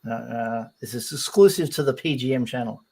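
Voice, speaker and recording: A man's voice: medium pitch, lively intonation, fairly quick, creaky, noisy background. A man chatting as a guest on a live stream over a video call, talking through his setup as he fiddles with it. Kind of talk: casual live-stream chat.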